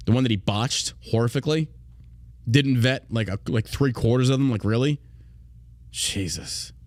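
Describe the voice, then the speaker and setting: A man's voice: medium pitch, normal speed, dry recording. A man hosting a political podcast, reading news aloud and ranting in a heated, profane way. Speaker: podcast host.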